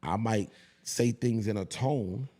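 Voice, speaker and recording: A man around forty, a podcast guest, chatting casually and telling stories in a profane, animated way. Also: lowish voice, slow.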